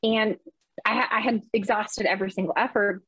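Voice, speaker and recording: A woman's voice: mid-range voice, fairly even intonation, a little fast, a bit bright, husky, no echo, rough recording. A middle-aged woman, a nurse, giving an earnest, impassioned account of her experience, often quoting what was said. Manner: earnest, impassioned, retelling with quoted dialogue. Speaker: nurse, interview guest. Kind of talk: emotional personal account.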